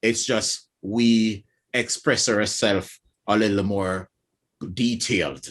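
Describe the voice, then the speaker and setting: Low-voiced Jamaican man in casual chat. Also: steady tone, slow, fairly bright tone. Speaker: co-host.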